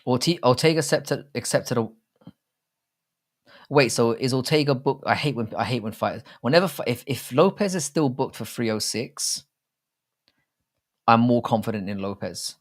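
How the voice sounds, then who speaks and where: Animated and mid-range, his voice moves at a moderate pace broken by long pauses. He's a livestream host chatting casually about fight betting, rambling, joking crudely and often starting over.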